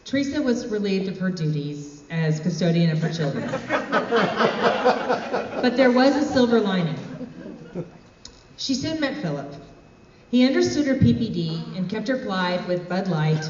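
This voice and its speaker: A woman telling a comic personal story on stage with deadpan, wry asides. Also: medium pitch, normal speed, pauses often, noisy background. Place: stage in a hall. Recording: echoey hall, far from mic, dull.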